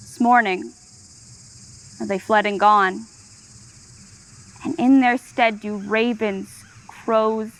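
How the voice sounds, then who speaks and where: A woman taking the part of a Roman general who speaks of omens before battle, slowly and gravely, in a somewhat high voice. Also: fairly bright tone. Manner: grave, slow. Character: Cassius, Roman general facing defeat. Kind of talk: Shakespearean monologue.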